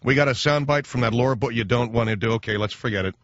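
A man with a medium-pitched, fairly bright voice talks at a quick pace as host of a radio talk show, delivering a comic monologue. He rambles and jokes, acting out little scenes in other voices. The studio sound is dull and dry, with no echo.

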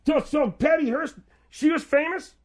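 A man putting on a naive, high male sidekick. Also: moderate pace. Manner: chiming in, naive. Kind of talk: comedy radio character bit.

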